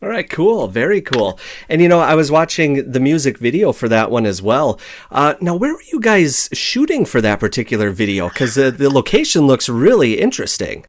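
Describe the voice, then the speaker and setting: A man's voice: medium pitch, sing-song, normal speed, slight background noise. A man hosting a rock radio interview, talking in a laid-back way with plenty of filler words. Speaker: radio host.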